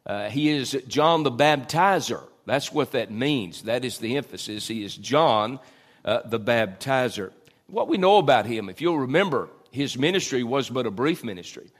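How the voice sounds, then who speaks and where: Middle-aged pastor mid-sermon, mid-range voice, fillers, climbs for emphasis. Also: male voice, mid-range voice, animated, moderate pace. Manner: preaching with frequent "uh" fillers, rising for emphasis.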